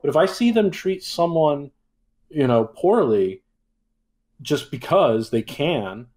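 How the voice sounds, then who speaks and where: A man's voice: a little high, big pitch swings, a little mellow. A man as a podcast guest, giving earnest opinions and cracking edgy jokes. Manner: earnest, joking, quick agreements. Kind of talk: casual chat.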